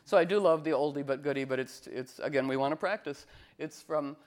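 A man gives a casual astrology lesson a little fast, meandering through fillers and restarts. Quoted voices get acted out with sudden pitch jumps.

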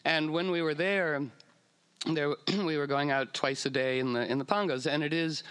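A man's voice: on the high side, steady tone, moderate pace, a bit bright, clean tone. A man telling a story in a loose, meandering way, with frequent fillers and restarts, sometimes slipping into silly voices. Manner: meandering, playful, puts on silly voices for whales. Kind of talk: casual storytelling talk.

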